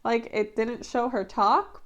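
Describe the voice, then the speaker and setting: A woman vlogger giving casual, animated commentary on a film adaptation, chatty and often exasperated, with lots of fillers. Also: on the high side, slow pace, dull audio. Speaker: book-to-movie review vlogger.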